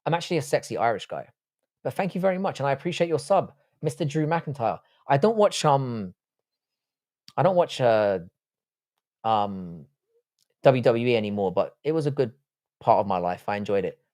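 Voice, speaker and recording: A man's voice: medium pitch, lively intonation, normal speed, long pauses, darkish tone, dry recording. Profane, joking man on a dry mic. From England. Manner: crude, profane banter with chat. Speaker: live stream host. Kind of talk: casual live chat, reading viewer comments.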